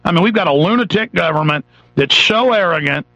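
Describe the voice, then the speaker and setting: A man's voice: on the high side, lively intonation, fairly quick, vocal fry, pushed and bright, no echo. A man, hosting a radio show, delivers an angry, sarcastic political rant, sometimes mocking the voices of others. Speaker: radio host. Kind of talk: ranting political talk radio monologue. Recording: dull lo-fi radio broadcast.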